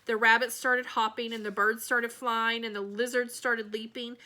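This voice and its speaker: A woman reads a children's novel aloud in a bright, clear voice. Her pace is steady and storybook-like, and she voices the characters only lightly. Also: on the high side, normal speed. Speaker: reader.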